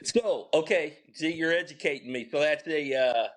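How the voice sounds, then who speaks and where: A man's voice: on the high side, normal speed. A man co-hosting a podcast, bantering playfully and correcting himself with hesitant fillers. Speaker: podcast co-host. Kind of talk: casual comedic banter.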